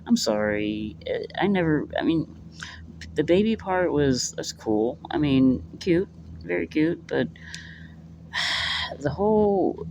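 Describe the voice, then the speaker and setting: Casual male book reviewer, mid-pitched, rambling and profane, noisy home recording. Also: darkish tone. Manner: rambling, filler-heavy, swears freely, gets worked up.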